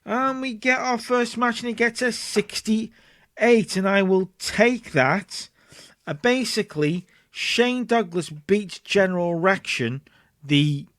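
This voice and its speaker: Let's-play host, chatty narrator; high voice, dry close recording. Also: male voice, fairly bright tone, dry recording. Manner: chatty, narrates and acts out scenes. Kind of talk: casual game commentary.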